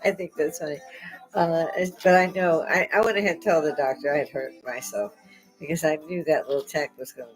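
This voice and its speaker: A middle-aged woman chats loosely to her online audience in a fairly low voice. She sounds sore and close to tears, yet laughs often and jokes with irreverent humor. Faint music plays quietly behind her. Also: fairly even intonation, a little fast, rough recording. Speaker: vlogger hosting her own channel. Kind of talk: casual rambling chat to viewers.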